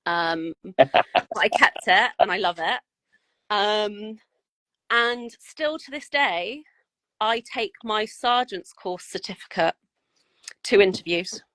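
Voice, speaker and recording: A woman's voice: medium pitch, takes it slowly, long pauses, fairly bright tone, dry recording. A woman guest in a casual podcast chat, talking candidly and laughing often.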